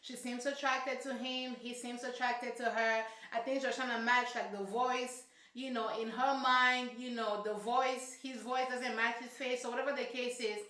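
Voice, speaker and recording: A woman's voice: fairly high pitch, fairly even intonation, normal speed, hardly any pauses, sharp tone. A woman reviewing a reality show in casual, sassy, emphatic commentary full of slang. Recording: roomy echo.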